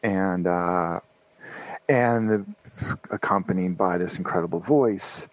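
A man's voice: low-pitched, slow pace, no room sound, poor audio. A man in his fifties, a podcast guest, telling a rambling story with lots of fillers and restarts. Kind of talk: casual storytelling interview.

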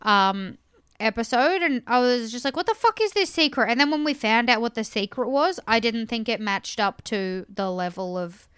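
A woman's voice: fairly high pitch, moderate pace, fairly bright tone, clear, resonant tone, dry recording, clean studio sound. A young woman co-hosting a casual recap chat, frank and openly irritated, swearing freely. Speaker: podcast co-host.

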